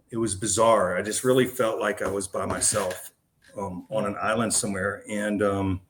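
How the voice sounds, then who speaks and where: A man, a podcast guest, recounting a personal story in a casual, slangy way. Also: on the low side. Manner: casual and slangy, calling the host man and dude.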